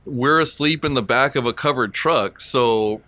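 A man's voice: mid-range voice, a little slow, no echo. A man telling stories in casual podcast chat, swearing freely and acting out what people said. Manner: profane, animated storyteller acting out quotes.

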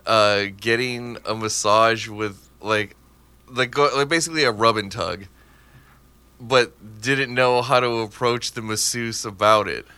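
Man, podcast host, casual chat, bright tone, smooth clear voice. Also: lowish voice, fairly even intonation, unhurried, dry recording. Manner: rambling, laughs often, restarts.

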